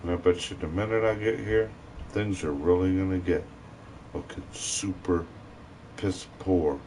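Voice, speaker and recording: A man's voice: low-pitched, fairly even intonation, measured pace, noisy background. A man ranting bitterly to his live stream, full of cursing and rambling complaints.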